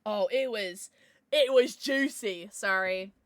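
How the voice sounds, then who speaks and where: In clean studio sound with no echo, a young woman streams a game, talking slowly in a mid-range voice with her viewers. She gets excitable and shrieks at sudden scares, then chats and apologizes.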